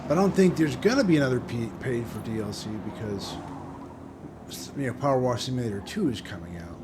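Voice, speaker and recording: This let's-play features a gaming channel host talking in a rambling, casual way, frequently interrupting himself mid-thought. His mid-range voice is animated and a little fast, with race car engine noise and game sound running beneath it.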